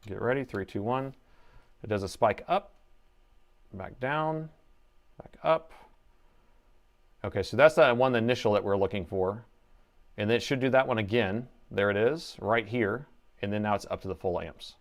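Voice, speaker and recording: Excitable middle-aged repair host. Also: male voice, lowish voice, moderate pace, pauses often. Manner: excitable, playful, chatty with the viewers. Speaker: host and laptop repair technician. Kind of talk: live-stream repair commentary.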